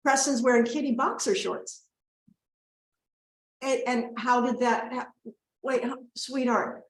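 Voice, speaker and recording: The actress's voice is fairly high, with fairly even intonation and a slow pace. She plays a chatty, rambling middle-aged mother delivering a wedding toast as a comedic monologue, pausing again and again to scold and sweet-talk her family. The recording has a roomy echo.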